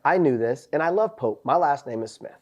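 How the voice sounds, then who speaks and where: A young man and podcast host telling boot camp stories in casual chat, animated and profane, acting out the voices of people in his stories. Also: mid-range voice, a little fast, highs cut off.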